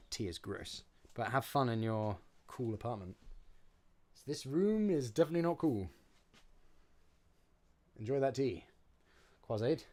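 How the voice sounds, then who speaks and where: A man's voice: mid-range voice, a little mellow. A young man chatting casually on a live stream while building props, reading out chat and joking about his own mess. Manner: chatty, self-mocking, reads chat aloud and answers.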